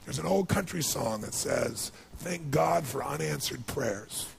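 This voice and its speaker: A man giving a motivational speech, telling a personal story with emotion that builds into excited passion. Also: a little high, measured pace, creaky, slight background noise. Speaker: motivational speaker.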